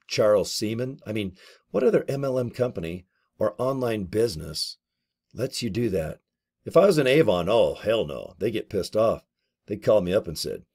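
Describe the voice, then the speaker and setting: A middle-aged man talking to camera in a casual, rambling monologue, joking and swearing as he tells stories. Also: lowish voice. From Iowa and Santa Barbara. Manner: joking, animated storytelling with crude humor. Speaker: network marketing promoter.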